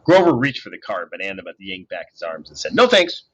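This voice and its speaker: A man reading a novel aloud in an expressive, storytelling manner. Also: deep voice, fast talker, slightly rough. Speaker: audiobook reader.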